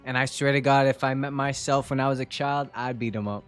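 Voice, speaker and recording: A man's voice: mid-range voice, fairly even intonation, a little fast, clear, resonant tone, faint music behind. A young man streaming a game, chatting casually with viewers in a joking, self-mocking way. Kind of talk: casual live-stream chat while gaming.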